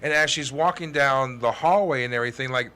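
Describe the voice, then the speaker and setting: A middle-aged man hosting a late-night comedy talk show, telling stories in a lively way and laughing through them. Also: medium pitch, brisk, clear, resonant tone. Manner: animated storyteller who laughs through his own tales. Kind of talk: casual chat.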